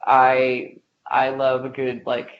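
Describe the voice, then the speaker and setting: Woman exec rambling chatty in an interview, lots of likes, low-ish voice, muffled lo-fi sound w faint hiss. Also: slow. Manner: chatty, many filler likes, lively storytelling. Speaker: marketing executive, interview guest. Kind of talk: casual conversational interview. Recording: dull lo-fi podcast audio with faint hiss.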